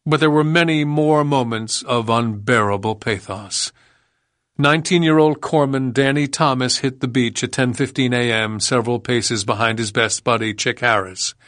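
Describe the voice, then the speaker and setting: A male audiobook narrator reading in a measured, grave way. His pitch sits in the middle for a man. The sound is close and dry, with no room around it. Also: fairly bright tone, dry recording. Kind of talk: scripted narration.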